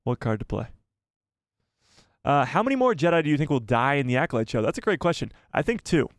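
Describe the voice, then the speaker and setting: A man's voice: medium pitch, big pitch swings, fast, dry recording, studio quality. A man hosting a casual live stream, reading out viewer messages and chatting back to them by name, laughing often, on a headset mic.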